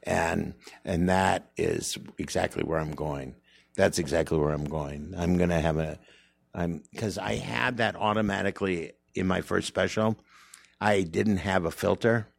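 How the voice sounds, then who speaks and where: Comedian guest, very low gravelly voice, reflective and candid. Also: male voice, measured pace, dry recording. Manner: earnest, reflective, rambling with restarts. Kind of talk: candid interview conversation.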